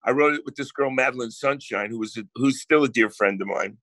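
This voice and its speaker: A man's voice: medium pitch, a little fast, a bit bright, no room sound. A man with a New Jersey accent, a guest songwriter telling brash stories in casual podcast chat and swearing freely.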